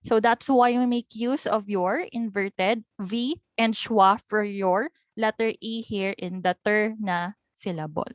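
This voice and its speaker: A woman with a Philippine accent giving a recorded linguistics lecture, patiently repeating example words slowly and clearly. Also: mid-range voice, steady tone, no room sound, rough recording. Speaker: linguistics teacher.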